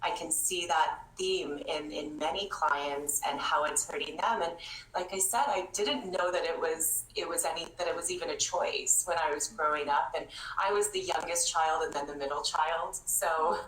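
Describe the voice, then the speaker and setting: A woman's voice: sits low, fairly even intonation, normal speed, fairly bright tone. A woman, a therapist guest in an interview, telling stories in a conversational way with many restarts. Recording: echoey room, faint noise.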